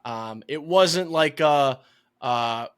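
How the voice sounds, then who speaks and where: A young man with a Michigan accent co-hosting a sports podcast, telling long rambling stories in casual chat, swearing freely and getting louder as he vents. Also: expressive, extremely slow, clean tone. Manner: rambling storytelling, swears freely, gets louder and higher when worked up. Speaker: podcast co-host.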